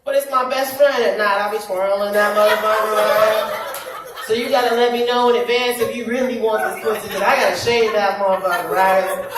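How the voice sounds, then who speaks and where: A woman doing a crude, brash stand-up comedy set on a club stage, speaking with a handheld mic. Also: medium pitch. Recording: echoey club from far off, noisy. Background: audience laughter.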